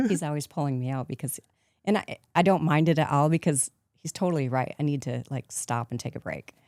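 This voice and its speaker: A woman in her fifties, a guest in a casual interview, telling stories in a lively way, acting out quotes and laughing often. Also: low-pitched, moderate pace, long pauses, no echo, clean studio sound. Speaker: guest, actress turned painter.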